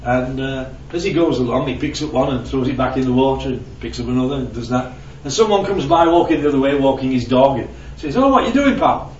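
A man's voice: mid-range voice, fast talker, hardly any pauses, a little mellow, slight background noise. A man preaching a sermon in a conversational way, asking the audience questions and telling anecdotes. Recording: roomy, distant, dull lo-fi sound with faint ambience.

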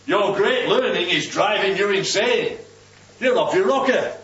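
Man doing a scornful Roman governor, high and shouting, from far off in a roomy space. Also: expressive, unhurried. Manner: shouting accusingly. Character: hard-boiled Roman governor, male, scornful. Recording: distant, roomy, dull recording.

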